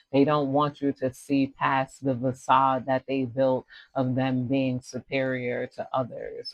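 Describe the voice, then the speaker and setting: A man's voice: medium pitch, dry recording, muffled recording. A man with an American accent giving a casual, rambling tarot reading, full of slang and asides. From United States. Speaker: tarot reader.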